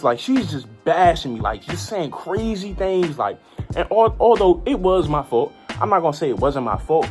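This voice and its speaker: Animated young woman telling a story. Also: sits low, moderate pace, soft background music. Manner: animated, lots of "like" and repeated phrases. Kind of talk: casual storytime vlog.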